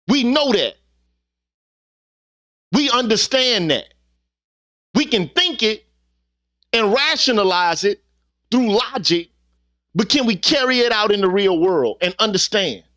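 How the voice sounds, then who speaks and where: This is an impassioned, casual monologue from a middle-aged YouTube vlogger: earnest, preachy, full of swearing, his sentences ending in "man." He has a high, fairly bright voice, captured at studio quality with no room sound.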